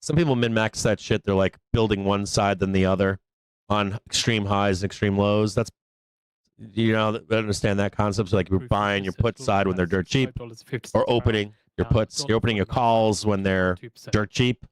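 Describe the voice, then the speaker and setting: Profane, laid-back trading stream host. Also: male voice, fairly low pitch, steady tone, normal speed, smooth, dry recording. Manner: profane, casual, laughs often, talks to himself as viewers. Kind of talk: live market commentary stream.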